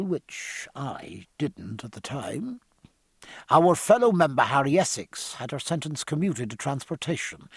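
A man voicing a letter writer relating events in a measured, confiding way in a storybook reading. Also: mid-range voice, slightly rough, no echo, heavily acted.

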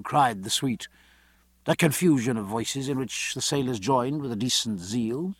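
Lively, expressive male audiobook narrator. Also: medium pitch, measured pace, husky, no room sound, clean studio sound. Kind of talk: scripted narration.

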